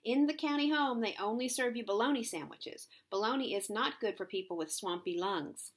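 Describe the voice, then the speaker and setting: A woman's voice: fairly high pitch, normal speed, voice pushed up, lightly acted. A woman voicing a worried, dramatic young girl who speaks earnestly and a little breathlessly.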